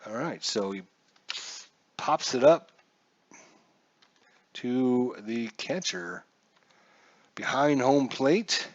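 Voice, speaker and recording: A man narrating a solo dice baseball game at an unhurried pace, chatty and joking to himself as he reads his charts. The sound is dull and muffled, with a dry, close feel. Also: medium pitch, animated, no echo. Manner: chatty, jokey, talks to himself while checking charts.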